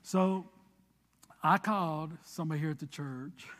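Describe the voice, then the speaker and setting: Male pastor, high-pitched, preaching with emphasis and telling stories with quoted back-and-forth, church hall reverb. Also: a little slow. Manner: preaching with rising emphasis, then relaxed storytelling with quoted dialogue. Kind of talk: sermon with a personal story.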